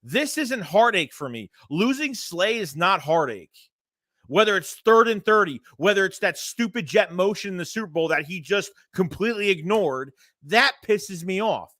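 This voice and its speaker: A man's voice: sits high, expressive, normal speed, pushed and bright, no echo, clean studio sound. A man hosting a casual sports livestream, ranting bluntly with profanity and repeating himself while reading chat messages. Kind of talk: casual fan rant reading live chat.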